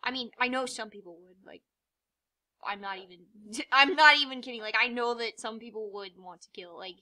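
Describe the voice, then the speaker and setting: A woman's voice: on the high side, fairly quick, pushed and bright. A young woman giving rambling, self-mocking let's-play commentary, swearing freely, with sudden yelps and muttered asides. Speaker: gamer.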